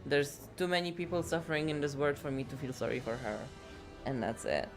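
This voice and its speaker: A woman's voice: deep voice, animated, fairly quick, music in the background. A woman game streamer chatting casually, rambling and swearing freely. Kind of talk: casual chat.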